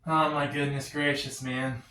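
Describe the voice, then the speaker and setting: A man performing a stand-up comedy set, delivering confessional setups deadpan and then swinging into sudden punchlines. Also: mid-range voice, unhurried, roomy sound.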